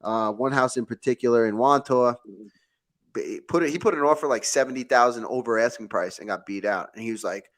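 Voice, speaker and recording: A man, hosting a show and telling a story in lively, casual chat with many restarts. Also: medium pitch, brisk. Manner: animated storyteller, mimics a friend with frequent restarts. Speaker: host, real estate agent.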